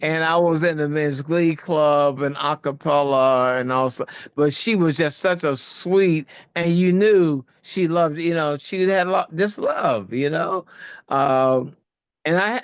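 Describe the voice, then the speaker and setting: A man's voice: fairly high pitch, unhurried, clear, resonant tone, no room sound. An older man, a guest actor, telling stories in a casual interview, rambling and searching for words, laughing often. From United States.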